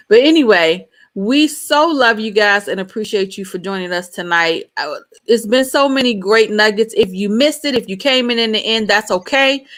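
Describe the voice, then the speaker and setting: A middle-aged woman co-hosting an online show, lively, excitable and playful, in casual chat. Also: mid-range voice. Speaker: co-host.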